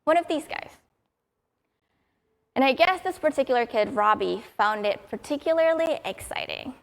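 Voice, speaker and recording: A woman's voice: high-pitched, animated, moderate pace. A young adult woman giving a prepared conference talk in an upbeat, storytelling way. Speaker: conference speaker.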